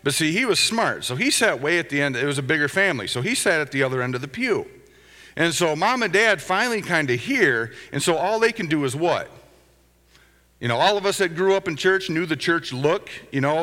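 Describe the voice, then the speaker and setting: A middle-aged man preaches in a relaxed, storytelling way, with little asides and chuckles. His voice is bright and forward. It rings out with a long hall reverb, as in a church sanctuary. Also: on the high side. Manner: conversational, anecdotal, chuckling asides. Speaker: pastor. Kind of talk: sermon with storytelling.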